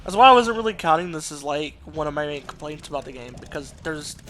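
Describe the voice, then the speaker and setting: A man's voice: on the high side, lively intonation, fast talker, fairly bright tone, slight background noise. A Southern man giving casual, rambling let's play commentary, swearing and laughing freely. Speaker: gaming YouTuber.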